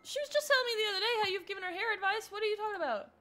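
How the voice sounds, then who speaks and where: A woman's voice: extremely high pitch, racing, background noise. A woman streaming a farming game, chatting casually and giggling as she reacts to the characters. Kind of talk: casual gameplay commentary.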